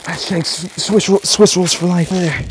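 A young man rambling through a flustered, hurried goodbye in a comedic vlog. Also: high-pitched, fairly even intonation, slight background noise.

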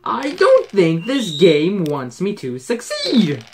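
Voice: mid-range voice, wildly swooping pitch, takes it slowly, darkish tone. Frustrated gamer ranting over a board game. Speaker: gaming channel host. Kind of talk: let's play commentary.

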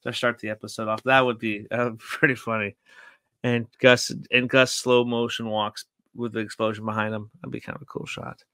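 A man's voice: fairly low pitch, flat delivery, moderate pace, bright, forceful tone, clean tone, dry recording, studio quality. A man co-hosting a casual podcast, rambling with lots of likes and restarts and laughing often mid-sentence. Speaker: podcast co-host reviewing a TV series.

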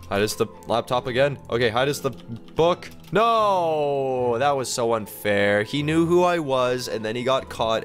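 A gaming video host in his twenties, sick and yawning, gives playful commentary on his gameplay. He's excitable, and his voice jumps up in pitch when something alarms him.

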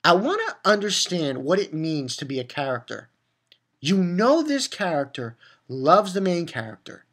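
A man's voice: high-pitched, normal speed, slightly rough. A man giving a casual spoken episode review, rambling and swearing as he rants in exasperation. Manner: animated, profane, exasperated ranting; rambling with restarts and filler. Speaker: anime reviewer.

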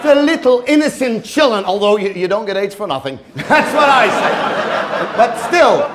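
Man, stand-up comedian, strikingly high voice, mock-serious, stuttering repeats, chuckling. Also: big pitch swings, moderate pace, a crowd in the background, noisy background. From Netherlands. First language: Dutch. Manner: mock-earnest, stammering repetitions, chuckling. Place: theater stage.

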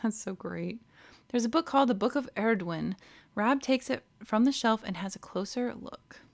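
A woman's voice: on the high side, lively intonation, normal speed, gravelly. A woman with an Australian accent commentating a video game, reacting emotionally with frequent exclamations and reading the on-screen text aloud. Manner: emotional, exclaiming, laughs often. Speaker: let's play host. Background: game music.

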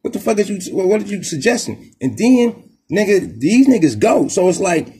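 A man from Oakland with an Oakland accent, hosting a podcast and telling a story in a rapid, profane, animated street style. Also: high voice, husky. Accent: Oakland, Bay Area. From Oakland, California. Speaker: podcast host. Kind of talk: casual monologue storytelling.

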